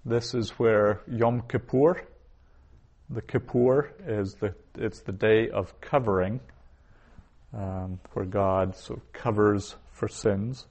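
In a low, darkish voice, a man teaches Hebrew on a recorded lesson, taking it slowly. Every word gets repeated twice before he glosses it.

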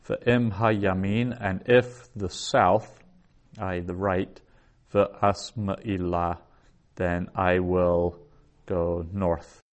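A man teaching a class in a slow, deliberate lecture, spelling out each word and repeating it before he explains it. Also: low-pitched. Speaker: Biblical Hebrew teacher.

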